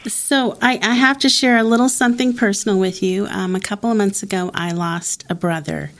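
A woman's voice: mid-range voice, fairly even intonation, fairly quick. A woman in her fifties hosting an interview, speaking in a personal, earnest way. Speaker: interview host. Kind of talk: conversational interview.

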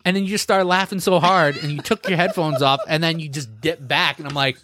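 A man's voice: a little high, steady tone, a little fast, noisy background. A man co-hosting a podcast, joking, swearing and laughing often in casual banter. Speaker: podcast co-host.

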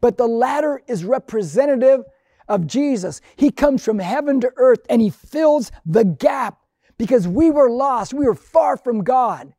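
A man's voice: very high voice, expressive, unhurried, mellow, no room sound, clean studio sound. A middle-aged man preaching a sermon, building emphasis through repeated phrases and rising calls. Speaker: pastor.

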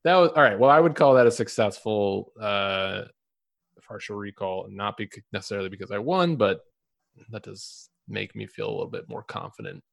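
A man co-hosting a podcast in casual chat, easygoing and quick to laugh, hedging his words. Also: fairly low pitch, expressive, creaky. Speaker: podcast co-host.

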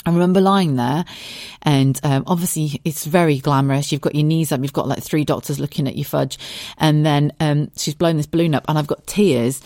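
A woman's voice: deep voice, steady tone, fairly quick, darkish tone, no room sound, clean studio sound. A woman hosting a podcast, telling her own story in a frank, sweary, conversational way. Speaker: podcast host. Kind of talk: candid personal monologue.

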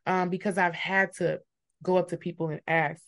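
A woman in her thirties from Texas, a teacher talking as a guest in a casual interview, telling stories with lively acted-out dialogue. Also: lowish voice, normal speed. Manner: animated storyteller who acts out quoted dialogue. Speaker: high school marketing teacher, guest.

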